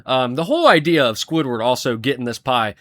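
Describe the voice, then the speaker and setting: Ranking cartoon episodes in casual commentary, a young reviewer rambles on with plenty of profanity and frequent chuckles. He sounds animated and a little fast, with a medium-pitched, fairly bright voice captured in a dry, clean studio recording.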